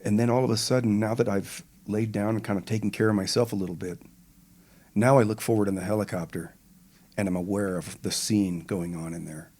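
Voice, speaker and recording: An older man, a retired pararescueman, retelling his combat experience as a podcast guest in a slow, measured and vivid way. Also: fairly low pitch, steady tone, darkish tone. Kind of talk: interview storytelling.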